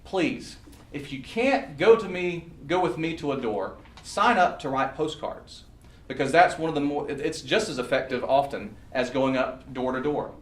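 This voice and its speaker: A man addresses a meeting in an earnest, pleading campaign speech. His voice sits a little high for a man. It is heard from a distance in an echoey room. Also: animated, normal speed. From Southern US. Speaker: political candidate. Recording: echoey room, mic far off.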